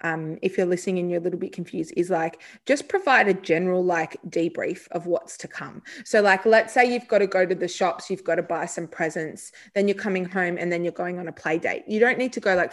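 A woman's voice: on the low side, a little fast, hardly any pauses. A woman hosting a podcast as a psychologist, talking in a chatty, casual way, full of fillers and restarts.

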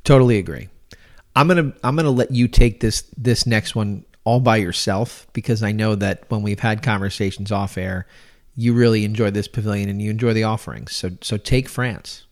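Easygoing lower-voiced man host. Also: steady tone, normal speed. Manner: easygoing, chuckling, restarts phrases. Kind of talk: casual chat.

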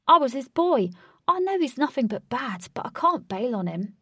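A woman's voice: high-pitched, sing-song, normal speed, fairly bright tone, husky, dry recording, recorded from a distance, voice pushed up, heavily acted. A woman reads as a streetwise young male brawler, casual in speech and stubbornly loyal. The storybook reading is close and dry. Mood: insistent.

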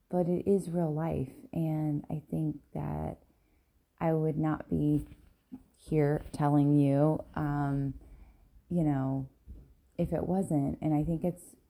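A woman's voice: low voice, gravelly, warm tone. A woman hosting a casual solo podcast, talking candidly and a little rambling, with many ums and "right?" tags, tired and yawning in the early morning. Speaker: podcast host and business coach.

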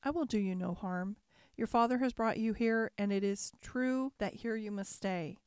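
A woman voicing a gentle, lovelorn male beast in a storybook reading, speaking softly and kindly. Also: medium pitch, normal speed, smooth, no room sound, studio quality, close to an everyday voice. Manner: gentle, soft-spoken.

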